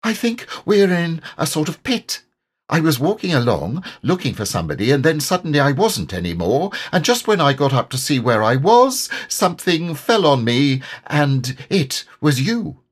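A man voicing a tiny, timid young piglet in a high, squeaky, fretful voice while reading a storybook aloud. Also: big pitch swings, normal speed, breathy edge. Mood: anxious squeaky.

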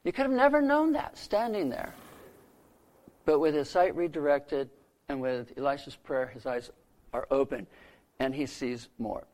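A man preaching a sermon who retells scripture stories, lifting his voice for quoted lines and dropping soft and low to land a point. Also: unhurried. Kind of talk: sermon storytelling.

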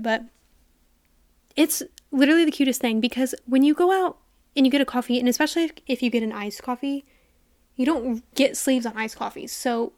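A young woman hosting a casual solo podcast, chatty and excitable with lots of "like", a little out of breath, talking into a studio mic in a quiet room. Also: on the high side, no echo. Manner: chatty and excitable, heavy use of "like". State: a bit out of breath. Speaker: podcast host. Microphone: studio mic with headphones.

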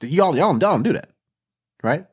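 A man trash-talking his friend about college football on a podcast. He is loud and teasing, laughing often in casual banter. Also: fairly high pitch, big pitch swings, moderate pace, slightly rough. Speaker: podcast co-host.

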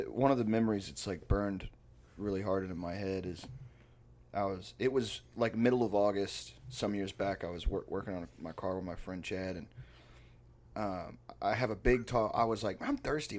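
Podcast guy telling a story, swears a lot, gets loud doing other people's lines. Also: lowish voice, moderate pace. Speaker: podcast co-host. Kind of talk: casual chat.

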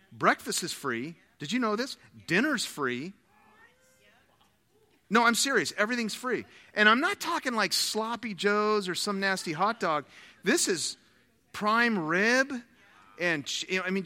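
Pastor guy preaching, bright punchy voice, acts out the dialogue in his stories. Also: sits high, big-room sound. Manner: animated storytelling, acts out quoted dialogue. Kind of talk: sermon.

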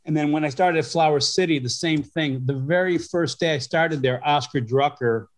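A man's voice: fairly high pitch, normal speed. A middle-aged man from Western New York, a podcast guest recalling his career in a rambling, conversational way full of restarts and fillers. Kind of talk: conversational storytelling.

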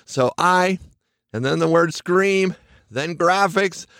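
A man hosts his own podcast in an upbeat, chatty monologue, laughing at himself, fixing his slips and giving quick shout-outs. His voice is high-pitched, in a dry, studio-quality recording.

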